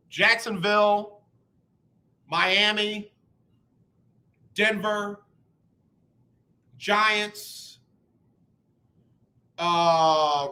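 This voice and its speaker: Male radio host, casual talk, high bright voice, animated delivery. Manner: animated, acts out both sides of talks.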